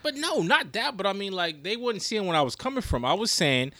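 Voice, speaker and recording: A young man co-hosting a podcast, telling stories in animated, profane casual chat. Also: sits high, a little fast, no echo. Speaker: podcast co-host.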